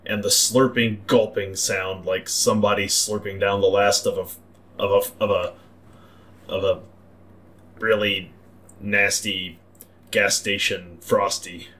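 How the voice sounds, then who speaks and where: A man narrating a tabletop role-playing game as game master, describing scenes in a halting, repeating way. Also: on the low side, little pitch movement, sharp tone.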